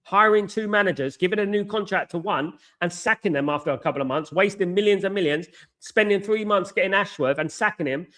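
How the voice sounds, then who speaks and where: A man with a somewhat high voice hosts a live football watchalong and rants at his viewers. He sounds worn out and frustrated, circling back to the same points with plenty of ums and restarts. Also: brisk, fairly bright tone. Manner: frustrated, repetitive ranting with many fillers. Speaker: host of a football fan channel.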